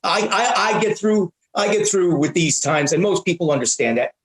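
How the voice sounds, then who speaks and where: A man around sixty, a comedian guest telling animated stories and stumbling over repeated words. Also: sits high, moderate pace. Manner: excitable, repeats and restarts words often. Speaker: guest, prank-call comedian and voice actor. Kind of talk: animated anecdotal storytelling. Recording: roomy echo.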